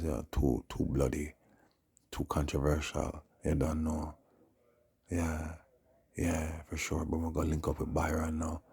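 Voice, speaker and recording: A man with a Jamaican accent ranting in a scornful, mocking commentary and breaking into loud outbursts. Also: very deep voice, gravelly, breathy edge. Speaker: video commentator.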